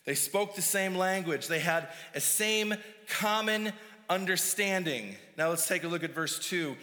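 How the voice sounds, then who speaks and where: A man preaching a sermon from the pulpit, animated, rising in pitch for emphasis and dropping into quick asides. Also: in a large hall. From United States. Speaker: pastor.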